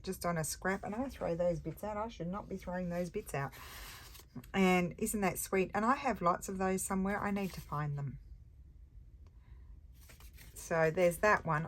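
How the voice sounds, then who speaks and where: A woman's voice: lowish voice, a bit bright. An older woman with an Australian accent, tired, chatting casually and thinking aloud as she works on a craft project. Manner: chatty, easily distracted, thinks aloud while working. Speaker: craft channel host.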